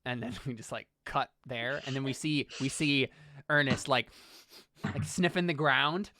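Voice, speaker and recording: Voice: medium pitch, a little slow, sharp tone, no room sound, studio quality. A player narrating a scene in a tabletop role-play, rambling along with many "like"s.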